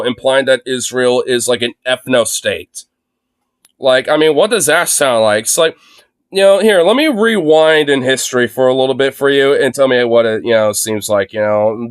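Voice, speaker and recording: A man's voice: mid-range voice, moderate pace, clear, resonant tone, dry recording. A young man streaming live from his phone, ranting sarcastically and profanely through his commentary. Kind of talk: livestream commentary rant.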